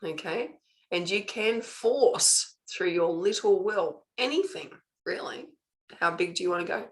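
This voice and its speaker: An older woman teaching a spiritual master class, emphatic and punctuating her points with "okay", drawing out key words slowly. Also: on the low side, lively intonation, rough recording.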